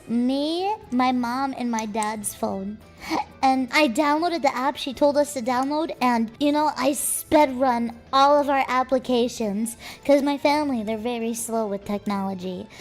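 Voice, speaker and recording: Young streamer girl, high voice, swears a lot telling a story, faint music behind. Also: unhurried. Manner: swears freely, exasperated.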